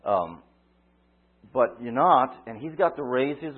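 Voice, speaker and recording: A man preaching a sermon, retelling a story dramatically, swinging from loud cries to quiet asides. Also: mid-range voice, animated, slow pace, slightly rough. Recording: tinny phone-like line.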